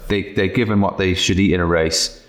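Male podcast host, low-pitched, loose storyteller who swears, in a roomy space. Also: fairly even intonation, fairly quick, a bit bright. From Wales. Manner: jokey, swears freely, tells anecdotes. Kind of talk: casual podcast chat.

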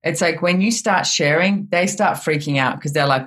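Low-voiced woman telling animated stories. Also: moderate pace, hardly any pauses. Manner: animated storytelling with frequent "it's like". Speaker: guest author. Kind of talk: casual podcast conversation.

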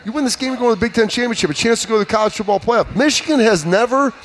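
A man in his thirties, a former player, telling stories in an animated, emphatic way during a casual sports chat. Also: very high-pitched, racing, slight background noise.

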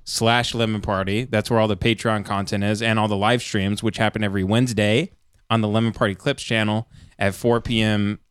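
A man co-hosting a comedy podcast in loose, casual chat. He rambles through explanations in a deadpan way, often restarting sentences. His voice is smooth and resonant, recorded close and dry. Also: on the low side, a little fast, no room sound. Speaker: podcast co-host.

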